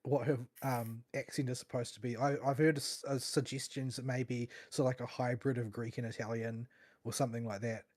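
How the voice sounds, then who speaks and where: Male podcast co-host, mid-pitched, halting delivery with dry humor. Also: level tone, a little mellow. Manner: hesitant, many fillers and restarts, dry wit. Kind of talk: casual chat.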